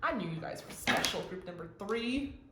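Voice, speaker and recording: A woman giving a casual pick-a-card tarot reading, gushing excitedly and swearing casually as she pulls cards. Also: mid-range voice, normal speed. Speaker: tarot reader. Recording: roomy echo with faint ambient noise.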